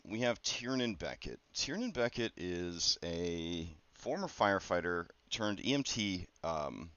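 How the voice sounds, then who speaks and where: A man with a fairly low voice talks through his tabletop campaign prep as game master, rambling casually with lots of fillers and side remarks. The recording is dull and lo-fi, with a dry, close sound and no room echo. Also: fairly bright tone. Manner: rambling and conversational, with many fillers and quick asides.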